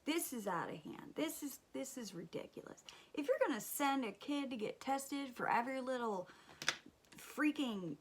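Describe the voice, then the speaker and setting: A woman in her thirties chatting casually as she does her makeup, exasperated and often dropping to a soft near-whisper. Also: sits high, expressive, moderate pace, slight background noise. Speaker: beauty vlogger, mother. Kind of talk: casual storytelling during a makeup tutorial.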